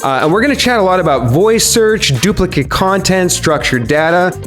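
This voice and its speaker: A man hosting a podcast interview, talking in an energetic, animated way. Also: high-pitched, moderate pace, faint music behind. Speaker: podcast host.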